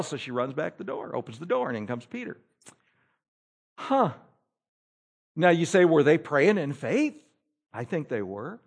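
A male pastor preaching a sermon, telling the story in an animated, humorous way. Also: medium pitch, a little slow, pauses often.

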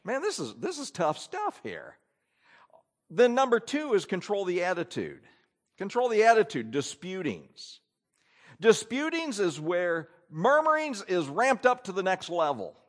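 A man preaching a sermon from an outline, acting out grumbling asides with lively energy. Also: on the high side, measured pace. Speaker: pastor.

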